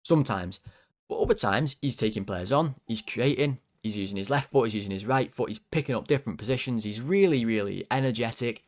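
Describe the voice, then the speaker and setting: A young man rants through his player ratings, swearing and venting his frustration. His voice sits at a middling pitch but jumps high when he gets worked up, and he talks straight to his viewers. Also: fairly quick. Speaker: football fan channel host. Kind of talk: player ratings rant to camera.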